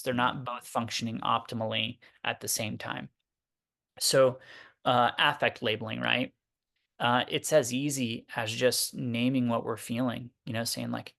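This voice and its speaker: This man's gravelly, mid-range voice has a slight brightness. He's a therapist guest who explains ideas casually and conversationally, now and then swearing and acting out bits of inner self-talk.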